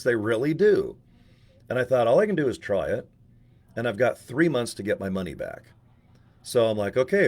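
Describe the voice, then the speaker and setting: Low-voiced man rambling with crude jokes. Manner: joking, profane, self-mocking; loose asides and restarts. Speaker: network marketing affiliate. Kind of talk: casual rambling vlog monologue.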